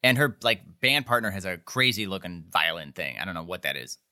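A man's voice: sits low, big pitch swings, brisk, pushed and bright. A man co-hosting a podcast, casually recapping a TV episode, rambling with lots of "like" and acting out quotes. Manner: rambling, frequent "like", acts out quotes. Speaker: podcast co-host.

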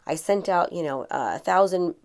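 A woman's voice: on the low side, normal speed, darkish tone. A middle-aged woman hosting a podcast, telling her own story in a chatty, earnest way with frequent fillers and restarts. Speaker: podcast host and real estate coach. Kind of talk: casual podcast monologue.

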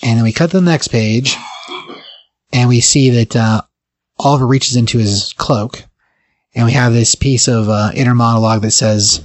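A man's voice: medium pitch, normal speed. Rambling man recapping a comic. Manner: rambling retelling, full of fillers. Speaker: podcast co-host. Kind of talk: casual comic book recap.

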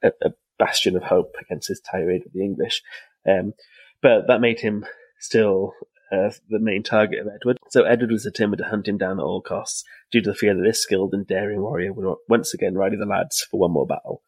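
A man's voice: on the low side, steady tone, fairly quick, darkish tone, no echo, rough recording. A young man co-hosting a casual history podcast, rambling with lots of fillers and restarts. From Wales. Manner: rambling, many fillers and restarts, laughs often. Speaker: podcast co-host.

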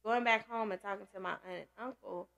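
A woman's voice: medium pitch, steady tone, fairly quick, vocal fry, fairly bright tone. A woman candidly telling a personal story in casual chat, emotional and laughing through tears. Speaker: podcast guest sharing survival story.

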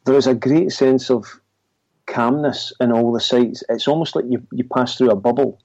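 A man chatting on a paranormal podcast, telling a story in a halting, rambling way with chuckles. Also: medium pitch, steady tone, darkish tone, no room sound. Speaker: paranormal investigator co-host. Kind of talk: casual podcast chat. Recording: dull lo-fi audio.

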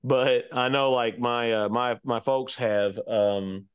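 A man's voice: medium pitch, steady tone, slow, clear, resonant tone. A man chatting casually as a podcast co-host, easygoing and hedging his points, often laughing. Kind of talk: casual chat.

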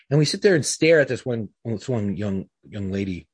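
Brief: husky middle-aged man, loose profane storyteller, dry close sound. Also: lowish voice, expressive, brisk, darkish tone, no room sound. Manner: profane, rambling, uses lots of fillers. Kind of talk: casual storytelling among friends.

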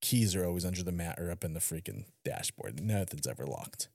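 Animated, swearing storyteller man. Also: sits low, fairly quick, vocal fry, no room sound, studio quality. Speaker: podcast co-host. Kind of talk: casual chat.

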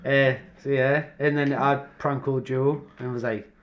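A man's voice: mid-range voice, little pitch movement, normal speed, slight background noise. A man co-hosting a podcast, chatting casually and telling stories with swearing and laughter. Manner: banter with swearing and frequent laughs. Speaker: podcast co-host. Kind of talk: casual chat.

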